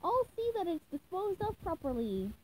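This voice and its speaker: A woman reader puts on a squeaky, goofy young sea sponge, eager to please, in a storybook reading. The voice sits very high above her own and leaps about in pitch. Underneath it stays soft and mellow. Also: big pitch swings, moderate pace, slight background noise, rough recording. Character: cheerful silly young male sea sponge cook.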